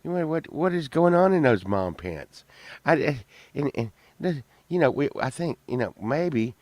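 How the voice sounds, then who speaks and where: A middle-aged Texan man hosting a rambling casual chat, tired from a late night, swinging between mumbles and loud outbursts. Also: on the high side, animated, normal speed, no room sound. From Texas. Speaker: show host.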